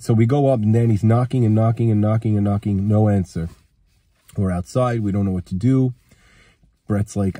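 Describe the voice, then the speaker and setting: Husky dark-voiced man with a cold. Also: lowish voice, steady tone, moderate pace, dry recording. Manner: rambling, acts out quoted dialogue. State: has a cold. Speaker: storyteller. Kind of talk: casual personal storytelling.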